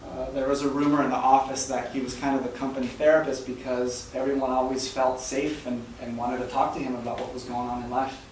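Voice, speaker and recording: A man preaching a sermon as a story, soft-spoken and halting, with many fillers and repeated words. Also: mid-range voice, little pitch movement. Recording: very echoey hall, mic far off, faint noise.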